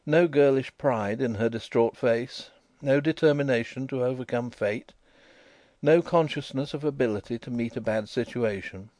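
A man giving an expressive, scripted narration of a novel as an audiobook reader. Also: mid-range voice, moderate pace, dry recording.

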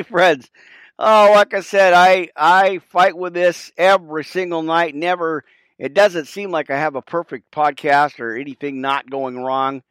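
A man's voice: medium pitch, a bit bright, dry recording, studio quality. A man, a pastor hosting his own podcast, chatting casually while he sets up his stream, out of breath and rambling with many fillers. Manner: rambling, chatty, halting with fillers, calls listeners friends. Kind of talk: casual chat while setting up a livestream.

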